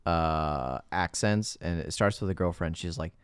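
A man's voice: sits low, unhurried, clear, resonant tone, no room sound, studio quality. A man co-hosting a podcast, chatting about a movie in a sardonic way and swearing casually. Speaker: podcast co-host. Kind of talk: casual movie review chat.

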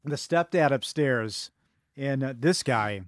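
A man's voice: medium pitch, lively intonation, slow, no room sound, studio quality. A man co-hosting a casual film podcast, talking in rambling bursts with many restarts. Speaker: podcast co-host.

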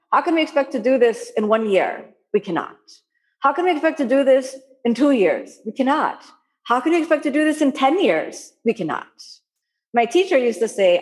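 Woman yoga teacher lecturing a class, lively, repeats herself for emphasis, big echoey room. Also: mid-range voice. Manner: animated, acts out inner voices, repeats phrases for emphasis. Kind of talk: spoken dharma talk to a class.

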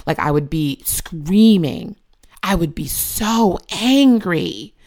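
Mother in her thirties, low-pitched, candid and emotional personal storyteller. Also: unhurried. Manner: emotional, confessional, acts out her own past yelling in a shrill voice.

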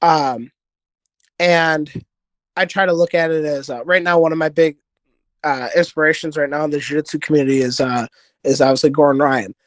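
Earnest rambling man, higher voice. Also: fairly even intonation, normal speed, no echo. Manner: earnest, rambling with many restarts. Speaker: podcast guest, jiu-jitsu competitor. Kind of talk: casual interview storytelling.

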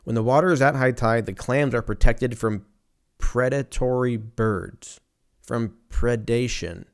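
A young man, riffing in a casual comedic monologue, rambling and swearing, with quick silly voices for imagined people. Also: mid-range voice, clear, resonant tone. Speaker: podcast host.

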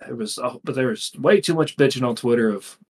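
A man's voice: mid-range voice, brisk, slightly rough. A man co-hosting a casual podcast chat, telling stories in a rambling, profane way with lots of fillers. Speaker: podcast co-host.

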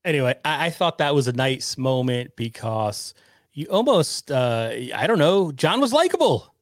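A man's voice: a little high, big pitch swings, moderate pace, no room sound, clean studio sound. A man hosting a live stream, teasing his guest with wry, accusing questions. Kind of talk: casual live-stream chat.

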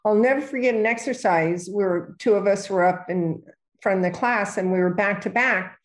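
A middle-aged woman and real estate agent chatting casually on a podcast, telling stories lively and acting out the voices of people she quotes. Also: mid-range voice, moderate pace. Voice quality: animated storyteller who acts out quoted voices.

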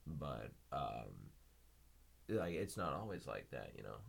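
Deep voiced guy rambling on a podcast, laughs a lot, restarts his sentences. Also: very animated, takes it slowly, vocal fry. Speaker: podcast host. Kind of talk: casual chat.

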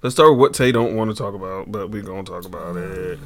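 A man hosting a podcast in casual chat, telling stories in a relaxed, slangy, joking way. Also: low voice, fast talker, a crowd in the background. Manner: laid-back storyteller, slangy and joking. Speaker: podcast host.

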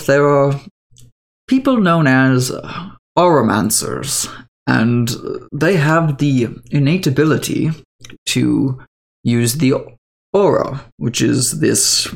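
A man's voice: medium pitch, gravelly. A man voicing a kindly older male guild official who rambles and hesitates as he explains things in a tabletop game. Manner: chatty, hesitant with many fillers.

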